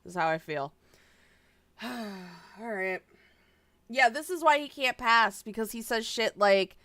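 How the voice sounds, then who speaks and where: A woman's voice: fairly high pitch, a little slow, a bit bright, no room sound. A woman streamer giving casual reaction commentary, exasperated and profane, sighing often.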